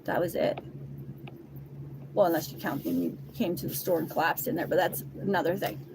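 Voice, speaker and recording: A woman recounts a painful personal story in raw, blunt language, swearing freely as she goes. Her voice is gravelly with plenty of vocal fry, and the recording has clear background noise. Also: on the low side, steady tone, a little fast. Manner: blunt and heavily profane. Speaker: person giving a personal testimony. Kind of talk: emotional first-person storytelling. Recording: noisy background.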